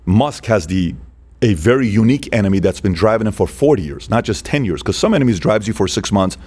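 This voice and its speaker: A man talks as a guest on a podcast in a lowish voice, telling stories with plenty of drive. He leans hard into his points and acts out the lines of the people he quotes. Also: expressive, brisk, a little mellow. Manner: emphatic, acts out quoted dialogue. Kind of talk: animated storytelling.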